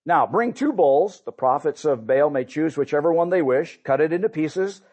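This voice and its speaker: A bold male prophet confronts a crowd in a raised, emphatic voice, as a preacher reads his words aloud. The delivery is lifted above the reader's own pitch. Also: lively intonation, moderate pace, darkish tone, breathy edge. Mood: challenging. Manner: raised, emphatic scripture reading.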